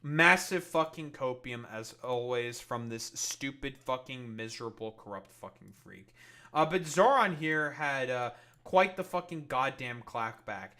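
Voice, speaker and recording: A man's voice: mid-range voice, animated, unhurried, pushed and bright. A man streaming political commentary, ranting angrily with heavy swearing and many fillers. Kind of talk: profane livestream commentary.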